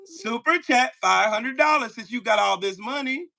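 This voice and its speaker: Shrill, bright-voiced man hurling taunts. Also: animated, normal speed, gravelly. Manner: taunting, profane, repeats short demands. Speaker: livestream host. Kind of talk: heated livestream argument.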